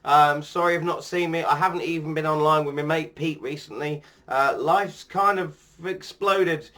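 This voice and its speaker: A man's voice: a little high, fairly even intonation, moderate pace, sharp tone. Chatty, rambling man vlogging. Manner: rambling, many ums and restarts. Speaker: sim racing YouTuber. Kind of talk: casual vlog chat.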